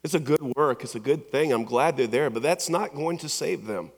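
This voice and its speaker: A man's voice: on the high side, moderate pace. A male pastor preaching a sermon in a church, telling stories conversationally with many restarts and repeated words. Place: church sanctuary. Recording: long church hall reverb.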